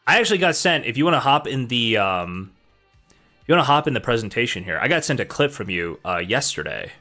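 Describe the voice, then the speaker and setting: A man streaming in casual chat, playful and animated. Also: mid-range voice, fast talker, faint music behind.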